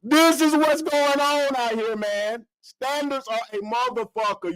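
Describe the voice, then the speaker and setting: A man hosting a comedy podcast, loud, profane and mocking, laughing as he talks. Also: very high voice, unhurried, few pauses. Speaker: podcast host.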